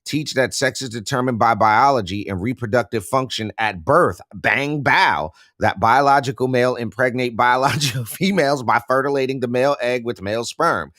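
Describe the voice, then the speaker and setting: A man's voice: mid-range voice, normal speed, hardly any pauses, a bit bright, no echo, studio quality. A man co-hosting a casual political morning talk show, reading text aloud with sarcastic, incredulous asides. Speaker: co-host.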